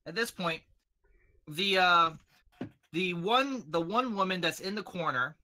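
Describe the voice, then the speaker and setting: A man runs a tabletop game with animated narration, his pitch swinging widely. His voice is bright and forceful. He sits a little high for a man. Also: unhurried. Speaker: game master.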